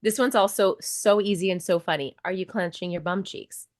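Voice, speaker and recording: With a lowish voice at a moderate pace, a podcast guest who is a coach and nurse talks casually and with animation. She's in her twenties or thirties, curses freely and performs the inner voices of people she describes.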